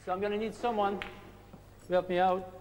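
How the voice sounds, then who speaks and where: A man who learned English late, explaining and setting up his trick shots in plain, halting English. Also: sits high, flat delivery, over a noisy crowd. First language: not English. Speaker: trick shot player. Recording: reverberant hall with faint hum.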